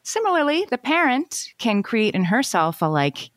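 A woman's voice: a little high, sing-song, moderate pace, dry recording, clean studio sound. A middle-aged woman chatting as a podcast guest, explaining things emphatically and laughing easily. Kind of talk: casual chat.

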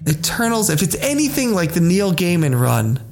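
A man's voice: high-pitched, very animated, normal speed, music in the background. A man in his thirties hosting a podcast, ranting in a rambling, exasperated, profane way. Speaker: podcast host. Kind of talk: casual chat.

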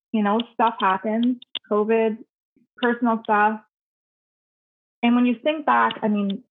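A woman who owns a store, a guest on a podcast, speaking earnestly and reflectively, often starting sentences over. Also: on the high side. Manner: reflective, earnest, many restarts. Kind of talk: casual interview chat. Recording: phone-like line with faint noise.

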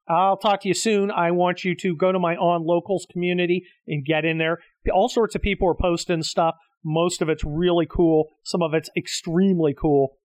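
A man's voice: a little high, a little mellow, no room sound. A middle-aged man hosting his own show, delivering a combative, profanity-laced solo rant. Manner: profane, combative, exasperated ranting. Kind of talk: solo ranting monologue.

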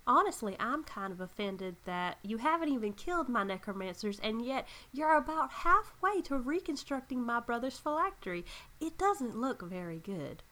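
Woman doing a smug scheming necromancer lady, kinda high and bright, mocking tone. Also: sing-song, moderate pace.

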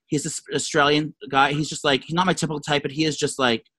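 A man's voice: a little high, little pitch movement, fast talker, sharp tone, slightly rough, rough recording. A man co-hosting a podcast in casual chat, gushing, profane and rambling. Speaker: podcast co-host.

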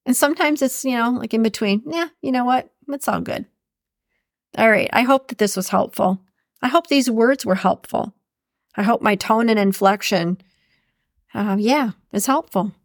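A chatty woman hosting a solo podcast, her fairly high voice carrying a gravelly fry. She talks loosely and animatedly, laughing often. The sound is dry and close. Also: moderate pace, no room sound. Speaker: podcast host. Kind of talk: casual solo podcast talk.

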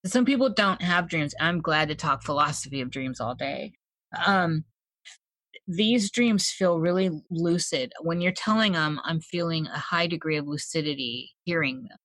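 A woman's voice: low voice, expressive, moderate pace, a bit bright, dry recording. A woman hosting a casual interview, asking reflective questions and thanking her guest. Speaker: host.

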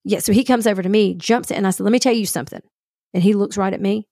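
This woman is a fast talker with a mid-range voice, co-hosting a podcast and telling a story in casual conversation. She acts out the quoted dialogue with animated flair, and the clean studio sound has no echo.

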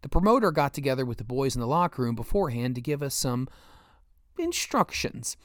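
Male memoir narrator, steady storyteller, medium pitch, dry booth. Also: fast, dry recording. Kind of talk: first-person memoir narration.

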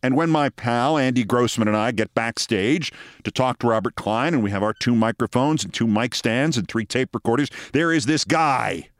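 A man in his sixties hosting a show, telling a story in a measured, dramatic way with wry asides. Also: mid-range voice, dry recording, studio quality. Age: 60s. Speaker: host. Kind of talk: storytelling monologue.

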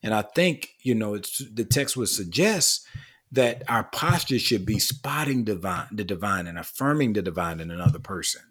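A man's voice: on the low side, animated, normal speed, a bit bright, husky. A man speaking as a guest author in a casual interview, earnest, building long lists with rising emphasis.

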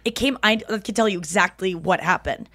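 A woman's voice: medium pitch, fairly quick. A woman in her thirties hosts a casual podcast chat. She tells stories with energy and acts out the lines of the people in them. Her voice sits close to the mic in a dry room with no echo. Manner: animated storytelling, acting out quotes. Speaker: podcast host.

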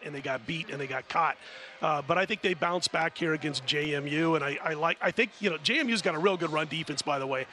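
Casting: middle-aged male betting analyst, bright and crisp tone, chatty storyteller. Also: a little high. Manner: rambling storyteller, chatty and animated. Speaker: sports betting handicapper guest. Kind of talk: casual radio chat.

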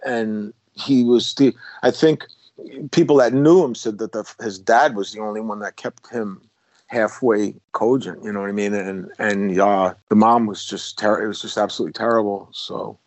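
A man's voice: fairly low pitch, fairly even intonation, moderate pace, a little mellow, dry recording, rough recording. A middle-aged man, a former police officer, telling stories as a guest in a casual conversation. He rambles, restarts his sentences and corrects himself as he goes.

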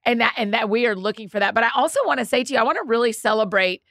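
A woman hosting a podcast, talking in an animated, encouraging way and using faith language in casual chat. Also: on the high side, rapid-fire, gravelly, dry recording, clean studio sound. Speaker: podcast host.

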